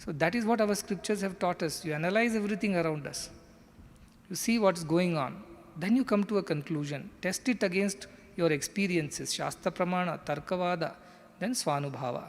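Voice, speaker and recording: A man's voice: high-pitched, moderate pace, long reverb tail. A man giving an earnest scripture lecture, explaining step by step. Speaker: scripture teacher.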